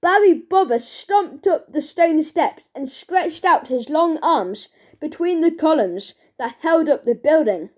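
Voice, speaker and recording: A woman narrating a children's storybook in an expressive, deliberate way. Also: sits high. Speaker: audiobook narrator.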